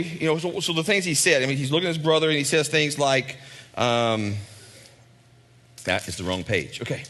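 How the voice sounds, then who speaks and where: A man's voice: medium pitch, bright, forceful tone. A male pastor preaching a sermon in a conversational way, with asides and repeated lines for emphasis.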